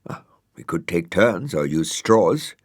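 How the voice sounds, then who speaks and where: A man voicing a whiny, excitable male snail with a cheeky, squeaky manner in a storybook reading. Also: dry recording, clean studio sound, full character voice. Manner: cheeky, squeaky, quick to sulk.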